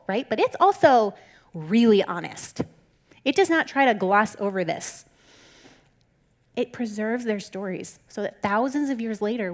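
A woman giving a casual Bible teaching in a candid, conversational way. She reassures and encourages her listeners and often says "like". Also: fairly high pitch. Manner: conversational and candid, with frequent "like" fillers.

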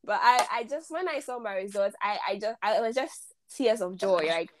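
A woman's voice: mid-range voice, lively intonation, normal speed. A young woman hosting a casual faith conversation, laughing often and repeating words as she talks. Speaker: podcast host. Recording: faint background noise.

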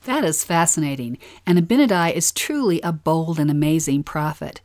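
Low-voiced woman co-hosting a lesson. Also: lively intonation, normal speed, a little mellow. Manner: inquisitive, reflective, asks questions. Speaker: podcast co-host. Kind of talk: scripture lesson podcast.

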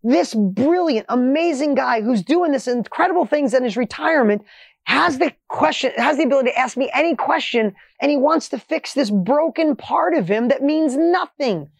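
A man hosting a motivational podcast, telling a coaching story with emphatic energy that swings between loud highs and quiet asides. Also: animated, normal speed, gravelly, dry recording.

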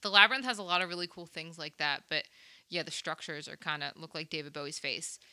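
A woman co-hosting a podcast, recapping a film scene by scene in casual, animated chat and swearing freely. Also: low-pitched, quick pace, no echo. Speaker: podcast co-host.

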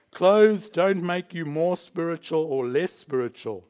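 A man's voice: on the high side, animated, slow, a little mellow, clear, resonant tone. A man from South Africa preaching a sermon in a church, emphatic and chuckling between points. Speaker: pastor.

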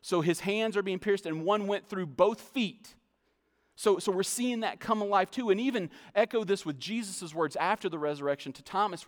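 A man's voice: a little high, brisk, long reverb tail. A man preaching a sermon, reading scripture passages aloud and explaining them. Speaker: pastor.

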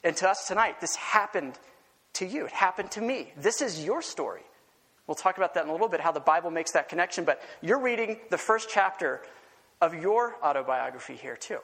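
A male pastor preaching an animated sermon full of rhetorical questions and emphatic repetition, recorded in a church sanctuary with a long reverb. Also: high voice, brisk, breathy edge.

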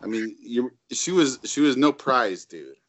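A man's voice: medium pitch, animated, measured pace. A man on a casual podcast who mocks and gives blunt, crude advice. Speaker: co-host.

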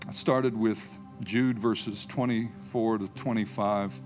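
A man's voice: fairly low pitch, steady tone, slow, few pauses, over music. A man preaching a sermon, emphatic, repeating key phrases and calling out hallelujah.

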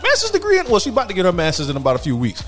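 A man's voice: fairly high pitch, very animated, rapid-fire, faint music behind. A young man co-hosting a podcast in loose, joking casual chat, swearing freely. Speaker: podcast co-host.

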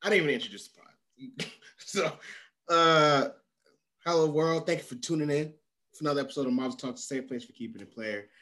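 A man co-hosting a podcast, talking loosely and candidly. He gets animated, his pitch jumping up as he drives a point home, and his voice sits slightly high for a man. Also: brisk. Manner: animated, rises in pitch when making a point. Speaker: podcast host. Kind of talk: casual chat.

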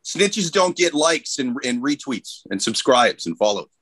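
A man's voice: medium pitch, very animated, a little slow, fairly bright tone, breathy edge, dry recording, rough recording. A man who is a stand-up comedian co-hosting a podcast, teasing and blunt in casual comedic chat.

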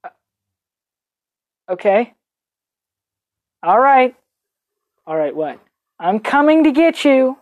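A young woman telling a personal story on her podcast, casual and animated, swearing and acting out the people she quotes in different voices. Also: sits high, slow, pauses often, narrow, tinny audio. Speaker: podcast host.

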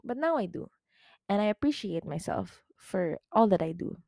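A woman's voice: mid-range voice, expressive, moderate pace, creaky, warm tone, no room sound, studio quality. A young woman hosting her own podcast, talking candidly and emotionally to her listeners, swearing casually. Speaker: podcast host. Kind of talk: personal podcast monologue.

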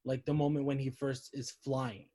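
A man in casual chat about movies, rambling and animated with frequent restarts. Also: medium pitch, normal speed.

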